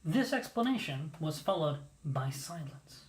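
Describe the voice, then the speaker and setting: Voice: mid-range voice, sing-song, a little slow. Chatty host spinning a funny story, self-mocking, acts out the lines as he goes. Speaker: podcast host telling a story. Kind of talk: casual storytelling.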